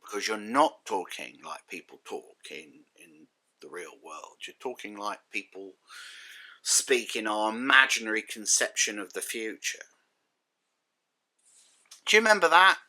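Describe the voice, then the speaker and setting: A man's voice: fairly low pitch, bright, forceful tone. A man giving a sardonic, exasperated spoken review, full of rhetorical questions. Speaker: critic and reviewer.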